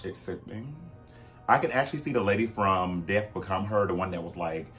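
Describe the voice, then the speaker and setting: A man hosting a vlog in casual, chatty commentary. He talks animatedly, with swooping pitch, sudden loud bursts and frequent fillers. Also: brisk, soft background music. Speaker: vlog host.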